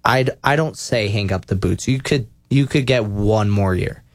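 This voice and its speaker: A young man hosting a casual sports talk show, rambling, correcting himself and getting excited as he goes. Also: fairly low pitch, normal speed, dry recording. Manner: rambling, self-correcting, enthusiastic.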